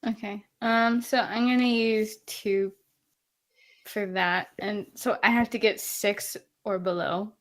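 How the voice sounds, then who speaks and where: A woman's voice: medium pitch, steady tone, slow pace. A woman playing in a tabletop game, thoughtful and questioning about the rules. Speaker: player. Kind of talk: casual tabletop play.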